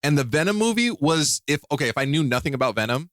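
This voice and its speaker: A man co-hosting a podcast in casual chat, excitable, often restarting his sentences. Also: on the high side, fast, no echo. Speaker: podcast co-host.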